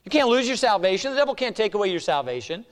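High-voiced preaching man. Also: sing-song, quick pace, big-room sound. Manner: emphatic preaching, swinging between loud and hushed. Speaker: pastor. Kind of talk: sermon.

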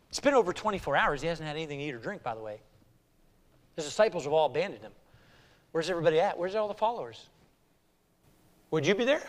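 A male pastor preaching a sermon, swinging between hushed lines and loud, dramatic ones. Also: a little high, in a large hall. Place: church sanctuary.

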